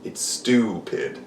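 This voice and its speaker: Guy doing a blunt rude fighter dude, slow snarky talk, echoey room. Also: slight background noise. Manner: crude and sarcastic. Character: crude, blunt human fighter man.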